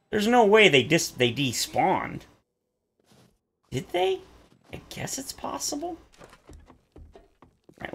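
A gaming YouTuber complains at length during game commentary, exasperated and theatrical, with big jumps in pitch. His voice is creaky, and there's a little hiss or hum in the audio.

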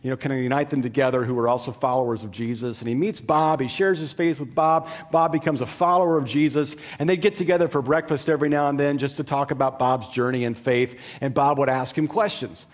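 A man's voice: mid-range voice, fairly even intonation, fast talker, few pauses, long reverb tail. A man preaching a sermon, telling a story in a conversational way with easygoing asides. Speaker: pastor.

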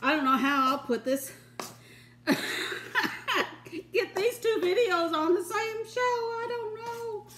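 A woman's voice: very high voice, expressive, slow, long pauses, fairly bright tone, reverberant, a little hiss or hum. An older woman hosting a home cooking show, chatting in a folksy way and giggling often. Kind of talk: casual home cooking demonstration. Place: home kitchen.

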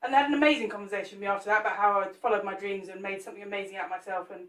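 A woman's voice: medium pitch, steady tone, very fast, a bit bright, recorded from a distance. A woman chatting and joking with viewers as she demonstrates a cake sculpt live. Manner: chatty, jokey, talks to viewers while working. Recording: roomy echo, off the mic.

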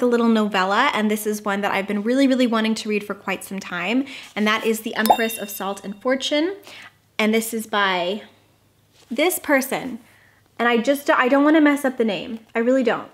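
Young woman book vlogger, bright chatty delivery, slightly high voice, filler-heavy casual talk. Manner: bubbly and chatty, with many "like" fillers. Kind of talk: casual chat to camera.

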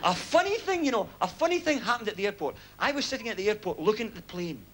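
High-voiced young Scottish comedian. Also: male voice, very animated, noisy background. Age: young adult. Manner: quick joke-telling, chuckles at own gags. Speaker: stand-up comedian. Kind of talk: stand-up comedy routine.

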